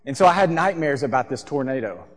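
A man, preaching a sermon from a church stage and telling a lively story. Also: medium pitch, fast. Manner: storytelling, animated, acts out voices. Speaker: pastor. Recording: long hall reverb.

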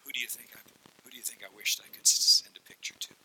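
A middle-aged man preaching a sermon, telling stories animatedly and dropping to hushed whispers. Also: quick pace, low-quality recording. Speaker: pastor.

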